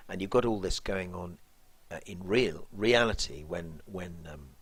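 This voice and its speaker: Guy teacher explaining a play bit by bit, low voice, kinda husky, lots of ums. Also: unhurried, no room sound. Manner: thoughtful, musing, hesitant with fillers and restarts.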